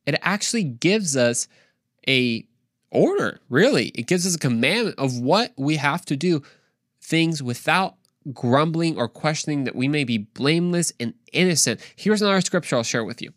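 A young man giving an informal devotional talk, animated and slangy, with quick asides to listeners. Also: on the high side, dry recording, studio quality. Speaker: podcast preacher.

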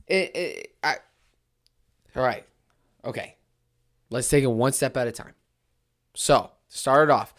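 A woman hosting a solo sports podcast, talking in an excitable, emphatic rant that keeps repeating its key phrases. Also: extremely low pitch, slow pace, pauses often.

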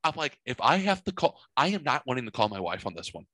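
A middle-aged man with a bright, forward voice tells a rambling story full of swearing. He talks animatedly in a casual podcast chat, and the sound is close and dry. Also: mid-range voice, very animated, fast, no room sound. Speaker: podcast host. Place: home studio.

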